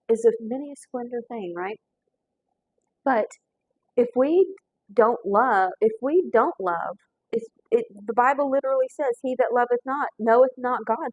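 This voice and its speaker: A woman's voice: on the high side, no echo, poor audio. A woman, a pastor hosting a cooking show, telling a heartfelt story in an earnest, folksy way while fighting back tears. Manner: earnest, folksy, with frequent restarts and fillers.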